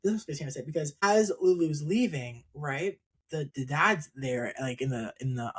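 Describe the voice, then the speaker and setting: Film review co-host, casual chat, animated, lots of fillers. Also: medium pitch, moderate pace, breathy edge. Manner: animated storytelling with many fillers.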